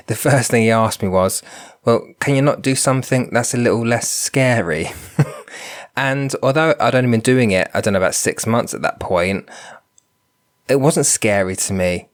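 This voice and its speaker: A man with a fairly low voice speaks on his solo podcast, stuffed up and nasal from a cold. He talks in a gentle, reflective way, working his thoughts out aloud with small restarts. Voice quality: nasal, bunged-up. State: congested from a cold. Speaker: podcast host and spiritual medium. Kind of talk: casual solo podcast talk.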